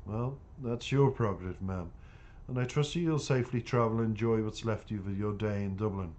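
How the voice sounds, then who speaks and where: A man voicing a kindly male police officer who gives calm, fatherly advice in a storybook reading. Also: on the low side, brisk, lightly acted. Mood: advising.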